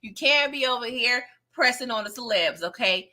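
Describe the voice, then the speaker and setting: Bright-voiced sassy woman recapping a show. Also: high-pitched, expressive, a little slow. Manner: laughs often, slangy and sassy, talks to viewers directly. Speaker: TV episode recap host. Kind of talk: casual live recap chat.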